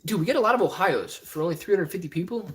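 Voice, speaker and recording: A man's voice: high voice, expressive, rapid-fire. A man from Ohio hosting a casual live stream, reading viewer comments aloud in a rambling, joking way and often laughing. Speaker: stock livestream host.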